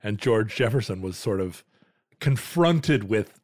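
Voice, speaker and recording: A man's voice: fairly low pitch, animated, a little slow, a little mellow, dry recording. A man co-hosting a podcast, earnest with dry asides in casual chat.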